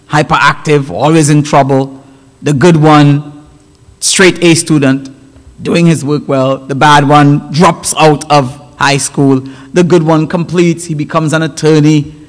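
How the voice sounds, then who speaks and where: Pastor guy preaching, kinda high voice, lots of echo from the church hall. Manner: storytelling preacher, lively and emphatic, voices characters in stories. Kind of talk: sermon. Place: church sanctuary. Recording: long church hall reverb.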